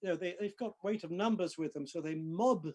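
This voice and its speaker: A man's voice: sits high, brisk, darkish tone. An English man, a physicist guest, chatting with dry joking understatement. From England. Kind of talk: casual chat.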